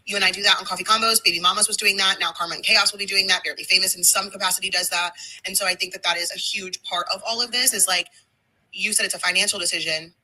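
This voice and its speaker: A woman hosting a podcast, thinking out loud in a reflective, confessional way. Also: medium pitch, fairly even intonation, fast talker, poor audio. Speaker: podcast host. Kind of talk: podcast conversation.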